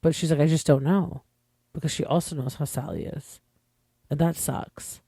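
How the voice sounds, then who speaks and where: A man's voice: fairly high pitch, steady tone, moderate pace, mellow, slightly rough, no room sound, studio quality. A young man from Canada, an opinionated podcast host chatting casually through a reality TV recap with lots of fillers.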